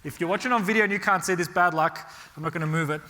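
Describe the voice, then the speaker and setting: Very fast and sitting high, this man's voice comes from Australia, where he's running a real estate workshop for a live audience. Stories pour out animatedly, dotted with "right?", under hall reverb.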